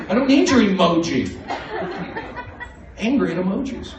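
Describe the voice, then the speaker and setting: A man doing a stand-up comedy set in a comedy club, with a manic, erratic delivery that breaks into sudden loud outbursts. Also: sits high, big pitch swings, normal speed, long pauses. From American Southwest. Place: comedy club main room. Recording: roomy, distant livestream audio with crowd laughter.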